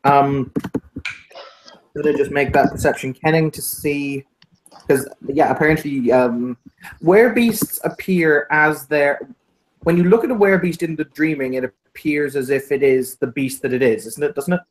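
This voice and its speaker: A man with a slightly high voice plays a tabletop game over voice chat. He talks bluntly and casually, often sounding exasperated. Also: moderate pace, slight background noise, poor audio. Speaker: player.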